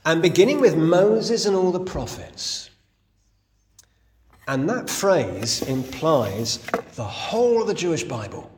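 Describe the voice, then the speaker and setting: A man's voice: fairly high pitch, very animated, slow, long reverb tail, slight background noise. A man preaching a sermon, explaining a Bible passage with a storyteller's flair and rhetorical questions.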